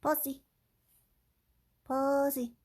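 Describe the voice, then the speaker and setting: A woman's voice: sits high, level tone, extremely slow, a little mellow, a little hiss or hum. A woman chatting casually on a live stream while she paints at home, rambling and coaxing her cats over.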